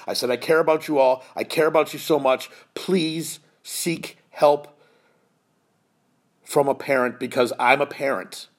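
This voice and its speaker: A podcast host in his fifties tells an emotional personal story, earnest and heartfelt, at times choking up. His medium-pitched voice has fairly even intonation and a slightly slow pace.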